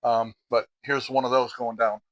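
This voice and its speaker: Midwestern vlogger, middle-aged man, bright even-toned voice, casual talk over dinner at home. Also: medium pitch, normal speed, rough recording. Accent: Midwestern American. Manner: relaxed, chatty, talks with mouth full. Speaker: outdoor vlogger. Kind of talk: casual vlog narration while eating.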